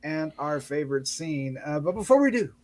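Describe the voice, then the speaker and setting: A man's voice: fairly high pitch, lively intonation, normal speed, darkish tone. A man hosting a casual review show, playful and chuckling, sometimes stumbling over his words. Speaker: podcast host.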